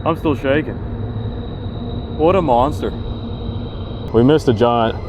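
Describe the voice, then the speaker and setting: Out on a boat with the camera on himself, a fishing vlogger keeps up excited commentary, exclaiming and repeating himself as he fishes. His mid-range voice goes slowly, and there's noise in the background.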